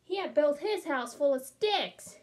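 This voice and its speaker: A woman's voice: sits high, expressive, measured pace, darkish tone, voice pushed up. Woman reading as a wry, chatty wolf. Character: smooth-talking male wolf defending himself. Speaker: storybook reader. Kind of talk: children's read-aloud.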